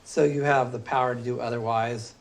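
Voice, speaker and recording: A man teaching a philosophy class, talking loosely and thinking aloud with frequent pauses and fillers. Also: medium pitch, fairly even intonation, slight background noise. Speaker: philosophy instructor. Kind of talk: classroom lecture.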